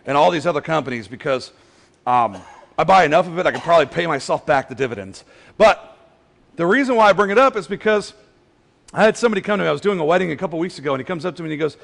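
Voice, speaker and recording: A man with a fairly high voice preaches in a loose, joking, conversational way and slips into quoted voices as he tells stories. His sermon rings out through a church hall with a long reverb tail. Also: creaky. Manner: conversational, joking, animated storytelling. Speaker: pastor. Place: church sanctuary.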